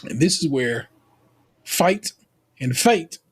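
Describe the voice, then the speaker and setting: Slow and husky, his voice sits a little high. The American man co-hosts a podcast and recaps a baking show in a loose, slangy, animated way, leaning Southern with words like "y'all."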